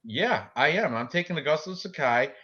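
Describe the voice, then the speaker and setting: Man, casual podcast co-host, bright forceful voice, rambling, slightly dull lo-fi sound. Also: on the high side, animated, moderate pace, slightly rough. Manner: rambling, self-correcting, casual swearing. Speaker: co-host giving fight picks.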